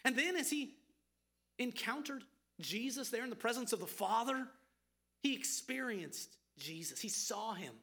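A preacher delivering an expository sermon with a gravelly, fry-edged voice. The delivery is emphatic yet conversational, and words often repeat mid-thought. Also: medium pitch, lively intonation, measured pace, pushed and bright.

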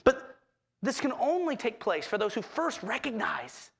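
Gravelly male preacher. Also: extremely high pitch, a little slow. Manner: expressive preaching with dramatic quoted voices. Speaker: pastor. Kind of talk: sermon.

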